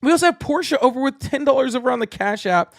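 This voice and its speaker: A young man hosts a live political call-in stream. His voice sits high for a man. He talks in an animated, casual way, laughs easily and is blunt with difficult callers. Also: quick pace. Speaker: livestream political call-in host. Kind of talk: casual livestream chat, reading donor messages.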